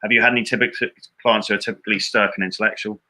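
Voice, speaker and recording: A man's voice: lowish voice, steady tone, very fast, bright, forceful tone. A man co-hosting a live Q&A, casually reading out viewer questions and answering them. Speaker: dating coach co-host. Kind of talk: live Q&A chat.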